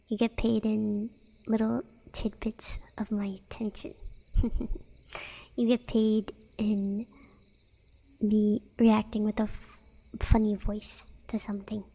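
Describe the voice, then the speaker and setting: A woman's voice: medium pitch, gravelly, warm tone, breathy edge. A young woman streaming and chatting with viewers, teasing them playfully with giggles and whispered asides. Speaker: live streamer. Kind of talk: casual live-stream chat with viewers.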